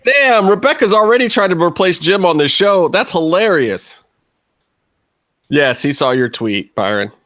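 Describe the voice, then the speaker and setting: A man co-hosting a wrestling chat show, excitable and teasing, laughing often. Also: sits high, a little slow. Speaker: podcast co-host. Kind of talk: casual chat.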